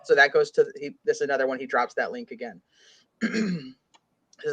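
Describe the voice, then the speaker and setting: This true-crime host is a woman with a very deep, fairly bright voice that has a breathy edge; she keeps a moderate pace and pauses often. She rambles casually, reads comments aloud, and uses "like" heavily, with dull lo-fi recording quality.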